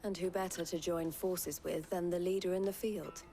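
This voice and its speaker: An actress voicing a shrewd, polished caravan merchant. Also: female voice, fairly low pitch, steady tone, normal speed, dark tone, lightly acted. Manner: polished, gracious, shrewdly teasing. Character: shrewd businesswoman running a caravan company. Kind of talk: video game cutscene dialogue. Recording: game audio with faint music.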